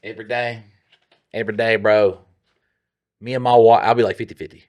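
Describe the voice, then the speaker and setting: A man's voice: lowish voice, steady tone, a little fast. Blunt, cursing male podcast co-host. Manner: blunt, profane, joking. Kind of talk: casual podcast chat.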